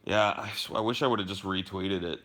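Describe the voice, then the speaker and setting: A young man on a podcast, telling a story in casual, animated chat, swearing freely and acting out what people said. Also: low-pitched, fairly quick, slight background noise. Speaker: podcast co-host.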